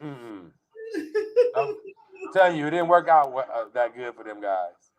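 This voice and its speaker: A man, a guest comedian, joking and telling stories in animated interview banter. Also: mid-range voice, a little slow. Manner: animated, joking, storytelling with voices.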